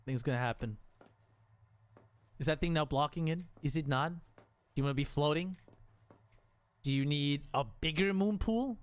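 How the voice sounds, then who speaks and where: A man's voice: a little high, moderate pace, long pauses, smooth, dry recording. A man streaming a game, talking casually to himself and the game, frustrated and joking as he builds. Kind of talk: casual gameplay commentary.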